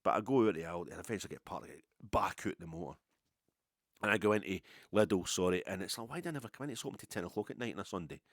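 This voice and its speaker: A middle-aged Scottish man with a very low voice rambles through a story at his own expense. His casual talk is dotted with swearing. The recording is close and dry. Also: fast talker, no room sound. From Scotland. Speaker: podcast host.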